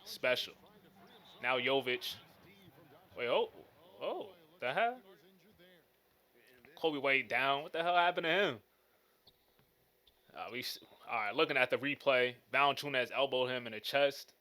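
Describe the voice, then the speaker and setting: A man's voice: mid-range voice, moderate pace, pauses often, pushed and bright. A man giving casual, slangy play-by-play commentary over a basketball video game. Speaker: gaming commentator.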